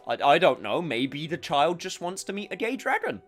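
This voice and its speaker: A man streaming a video game, talking casually, excitable and flustered, swearing a lot. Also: fairly high pitch, normal speed, faint music behind. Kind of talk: casual gameplay commentary.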